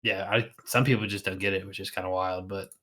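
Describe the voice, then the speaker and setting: A man's voice: low voice, steady tone, quick pace, sharp tone. A man co-hosting a casual streamed chat, laid-back and rambling with many fillers. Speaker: podcast co-host.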